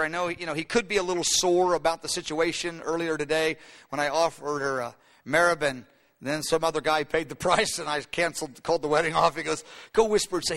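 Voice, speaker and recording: A man preaching a sermon as pastor, animated, acting out the voices of Bible figures. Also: on the high side, brisk. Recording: long hall reverb.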